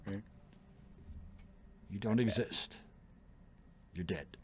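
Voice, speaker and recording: Low-voiced man running a tabletop game. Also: extremely slow, a little hiss or hum. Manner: relaxed storytelling with fillers and laughs. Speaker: game master.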